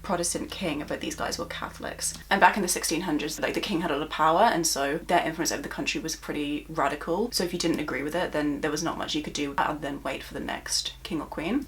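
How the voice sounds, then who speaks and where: A young British woman in a casual book vlog, chatting through her monthly reads with plenty of fillers. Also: on the low side. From United Kingdom. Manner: chatty, many "like" fillers, gushing. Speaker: book vlogger. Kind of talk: casual monthly reading wrap-up.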